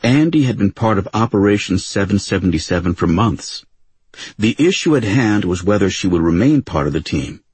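A man narrating an audiobook in an even, unhurried storytelling manner. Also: lowish voice, husky, no echo. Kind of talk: scripted narration. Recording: dry close studio sound.

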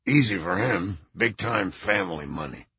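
A man voicing a sardonic old music producer with a low, congested voice, on a slightly dull recording. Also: expressive, normal speed, bright, forceful tone, husky, no echo, exaggerated voice. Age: older. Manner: sardonic, scornful.

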